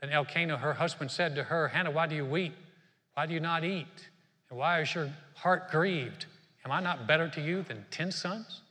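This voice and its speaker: A male pastor delivers a sermon in a somewhat high voice, telling stories with frequent restarts and repeated words. His voice rings with long reverb in the church sanctuary. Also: moderate pace, pushed and bright.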